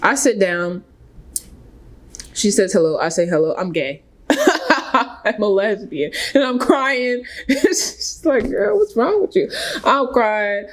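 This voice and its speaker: A woman talks casually to camera about her own life. Her delivery is animated, leaping up in pitch for emphasis. She keeps checking in with her listeners as she goes. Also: takes it slowly. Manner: animated, with sudden pitch jumps and frequent "right?" and "okay?". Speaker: spiritual vlogger. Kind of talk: casual personal storytelling.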